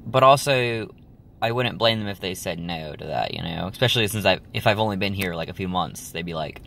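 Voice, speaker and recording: A man's voice: sits low, expressive, fairly quick, creaky, a bit bright, a little hiss or hum. A young man chatting casually to his viewers, rambling with lots of ums and likes. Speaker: vlogger. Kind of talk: casual chat to camera.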